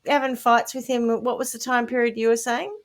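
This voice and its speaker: Woman, high voice, podcast co-host, dry asides, casual chat. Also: level tone. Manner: dry interjections, quick asides.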